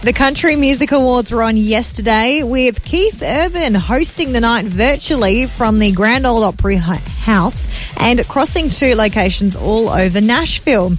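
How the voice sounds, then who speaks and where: A woman co-hosting a morning radio show, quick with dry one-liners and reading entertainment news. Her voice sits a little higher than usual, with faint music running underneath. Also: expressive. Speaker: radio co-host. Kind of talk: casual breakfast radio banter.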